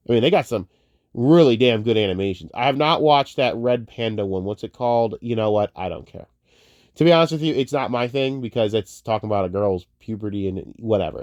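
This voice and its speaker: A young man ranting casually about movies, profane and heated, wandering off on tangents and swinging between muttering and loud outbursts. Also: lowish voice, no room sound, lo-fi sound. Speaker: online commentator.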